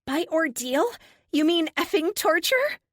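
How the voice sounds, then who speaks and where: A woman voicing a young female prisoner with a high voice, bitter and distrustful, in an audiobook. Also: sing-song, unhurried, dry recording, studio quality, heavily acted. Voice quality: high-pitched. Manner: bitter, disbelieving. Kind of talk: audiobook character voice.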